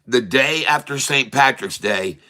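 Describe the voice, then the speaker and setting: A man hosting a casual livestream, chatting warmly and reading out where viewers are from. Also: mid-range voice, unhurried. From Michigan. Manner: chatty, reads out viewers' locations. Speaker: livestream host.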